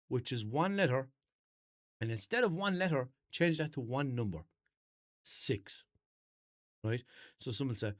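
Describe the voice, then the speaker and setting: A man's voice: medium pitch, no echo. Young Irish male podcast host, loose unscripted rambling, mock-serious humour, dry close mic. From Ireland. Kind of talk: unscripted comedic monologue.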